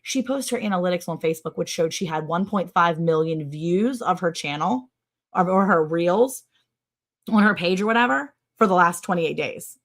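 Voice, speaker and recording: Animated, sarcastic woman telling a story. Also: normal speed. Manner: animated, sarcastic, with wide swings in pitch; chatty, with many "like" fillers. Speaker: livestream host. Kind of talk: casual storytelling to viewers.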